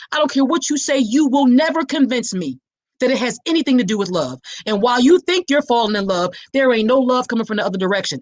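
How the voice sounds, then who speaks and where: With a medium-pitched voice and no echo in the recording, a woman hosts a live-streamed awareness talk. She's a podcast host and survivor advocate who reads comments and preaches passionately straight to her audience.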